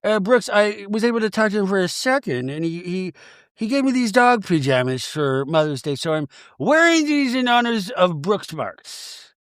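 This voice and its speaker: A man putting on the voice of a tearful, dramatic woman reality star in a high wailing falsetto with sobbing shouts. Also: big pitch swings, normal speed, clear, resonant tone, no echo, clean studio sound. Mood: sing-song.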